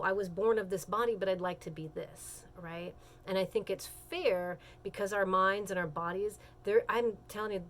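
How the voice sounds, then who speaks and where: A woman's voice: mid-range voice, slight background noise. A woman giving a recorded class lecture in a conversational, emphatic way, with frequent fillers and self-corrections.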